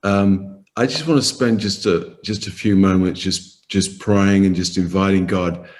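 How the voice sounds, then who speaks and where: A man's voice: sits low, steady tone, unhurried. A man hosting a ministry talk, thanking the speaker and moving into prayer, repeating little words as he goes. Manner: warm, encouraging, repeats "just". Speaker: ministry host. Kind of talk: sermon and prayer.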